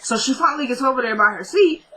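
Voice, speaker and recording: A woman's voice: high-pitched, animated, fast, pushed and bright, a little hiss or hum, rough recording. A woman vlogger chatting casually as she retells a TV episode, with asides and laughs aimed at her viewers. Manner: laughs often, talks straight to her audience. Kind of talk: casual chat.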